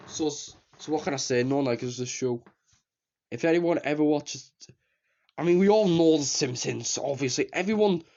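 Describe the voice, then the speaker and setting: A man's voice: mid-range voice, darkish tone. Rambling male fan reviewer, dull lo-fi sound. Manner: rambling, repeats himself, trails off with "which, yeah". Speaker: TV show reviewer. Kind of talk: casual spoken review. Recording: slightly dull lo-fi recording.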